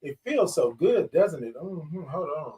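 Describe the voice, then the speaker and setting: A man's voice: a little high, sing-song, a little slow, dark tone, distant mic, a little hiss or hum. A man hosting a morning livestream, calling viewers y'all and baby and singing out long good mornings. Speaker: host of a morning livestream show. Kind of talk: lively livestream greeting viewers.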